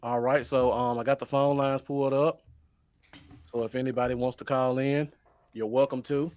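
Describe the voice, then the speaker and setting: A man hosting a call-in fan podcast, talking casually and easily to his listeners. His voice sits at an ordinary pitch and is picked up dry and close, with no room sound. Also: little pitch movement, moderate pace, a little mellow, dry recording. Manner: easygoing, talks to the audience. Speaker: podcast host running call-ins. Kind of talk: casual chat.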